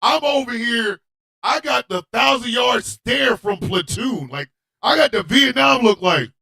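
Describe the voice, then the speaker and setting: A man hosting a radio show, telling a comedic story in a loud, animated, profane way and often shouting. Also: very high-pitched, a little slow, gravelly.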